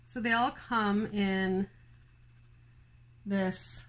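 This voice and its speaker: Female vlog host, easygoing chatty delivery with fillers and laughs, slow pace. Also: medium pitch, steady tone. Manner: chatty, filler-heavy, giggly, talks to viewers. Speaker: plant channel host. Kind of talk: casual chat vlog. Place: home, indoors.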